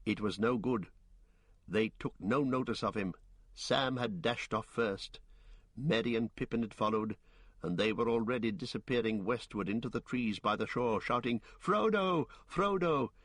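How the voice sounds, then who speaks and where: A man reads an audiobook aloud, his voice low and measured. The recording is dry and close, with no room sound. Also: fairly even intonation, breathy edge, no room sound. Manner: measured, deliberate reading. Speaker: narrator. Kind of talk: audiobook reading.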